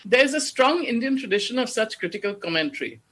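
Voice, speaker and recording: A lecturer with a bright, clear-edged tone speaks at a steady mid pitch. The delivery is measured and explanatory, like an academic lecture to an audience. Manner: measured, explanatory, slows down to recite verse. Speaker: guest lecturer on Shakespeare.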